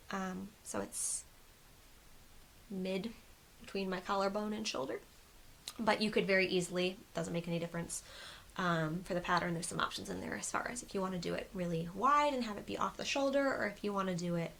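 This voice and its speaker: Woman, crochet vlogger, rambling casual chat, some vocal fry, light hiss on the recording. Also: mid-range voice, fairly bright tone, low-quality recording. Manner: chatty, rambling, frequent ums. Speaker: crochet designer and podcast host. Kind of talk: casual video podcast chat. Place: seated at home on camera.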